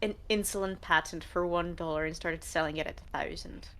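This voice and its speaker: A woman playing a tabletop game, joking and chatting in an animated way. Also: lowish voice, a little fast, background noise. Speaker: player. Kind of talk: casual tabletop game chat.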